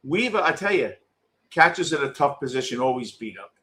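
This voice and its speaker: A middle-aged man hosts a postgame broadcast, speaking fairly quickly in a mid-range voice. His reactions to the live game are blunt and excitable, he swears freely, and he addresses viewers casually.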